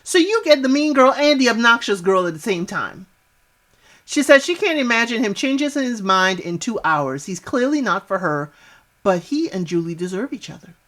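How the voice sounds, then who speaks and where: A woman's voice: fairly high pitch, sing-song, moderate pace, a bit bright. A woman giving a casual spoken recap of a reality show, chatty and sassy, talking back to the people on screen with lots of asides.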